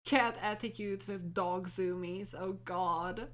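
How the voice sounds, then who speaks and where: A woman's voice: medium pitch, fairly even intonation, takes it slowly, fairly bright tone. A woman streamer chatting casually with her viewers and thinking aloud.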